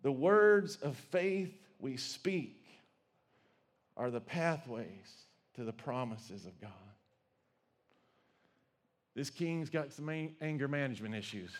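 A male pastor preaching a sermon, telling the story with animated, conversational energy. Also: medium pitch, slow pace, long pauses.

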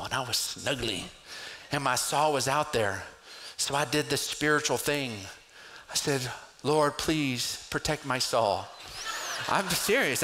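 A middle-aged man preaching a sermon, telling a personal story with lively swings in pitch. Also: low-quality recording. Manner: storytelling with animated pitch jumps in acted prayers. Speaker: pastor.

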